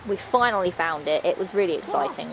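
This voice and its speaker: A woman giving casual let's-play commentary, excitable and gasping, talking straight to the characters on screen. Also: on the low side, fast talker, noisy background. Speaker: gaming video host. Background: game music.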